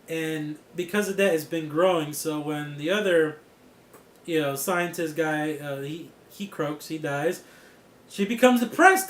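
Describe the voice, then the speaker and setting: A man giving a casual, excitable review of a TV series, laughing often and swearing freely. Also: high voice, echoey room. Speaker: TV show reviewer.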